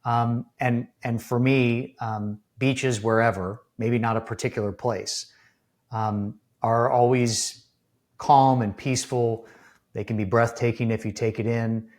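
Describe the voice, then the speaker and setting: A man's voice: mid-range voice, fairly even intonation, measured pace, a little mellow. A middle-aged man hosting a podcast, asking searching, rambling questions full of ums and restarts. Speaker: podcast host. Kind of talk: casual interview conversation.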